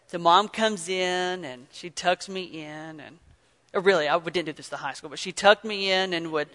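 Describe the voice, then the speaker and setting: A man preaching an earnest sermon, telling stories and swinging from loud emphasis to near-whisper. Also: high-pitched, measured pace, pauses often, big-room sound. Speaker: pastor.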